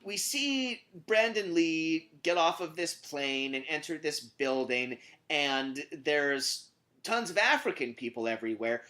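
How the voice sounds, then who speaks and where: A man co-hosting a movie podcast, talking in a sarcastic, animated way. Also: fairly high pitch, a little slow. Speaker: podcast co-host. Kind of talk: casual film review chat.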